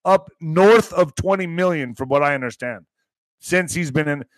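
Brief: mocking male vlogger doing news commentary, high voice, dry close sound. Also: moderate pace, dry recording. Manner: brash, mocking, profane.

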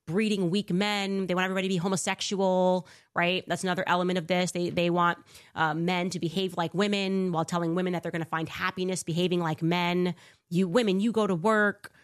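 Fired-up woman ranting on her livestream, sarcastic, kinda low voice. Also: flat delivery, a little fast. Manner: fired-up, sarcastic, mocks others in high voices. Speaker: show host. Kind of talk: livestream commentary.

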